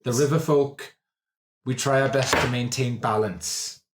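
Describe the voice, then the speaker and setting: A man putting on a deep-voiced Welsh merfolk woman. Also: steady tone, a little slow, noisy background, close to an everyday voice. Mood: solemn. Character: female merfolk protector, deep-voiced and solemn.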